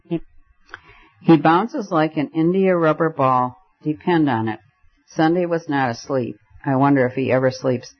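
A man's voice: a little high, a little slow. A man voicing a grave, anxious older male professor who speaks earnestly and sternly as a mentor. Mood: grave, urgent. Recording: dull lo-fi recording.

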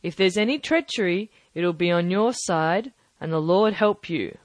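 A woman doing a stern, curt ship's captain with a clipped, commanding manner. The audiobook voice is brisk and no-nonsense. It is recorded dry and close. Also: lowish voice, dry recording, close to an everyday voice. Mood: cold. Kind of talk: audiobook character voice.

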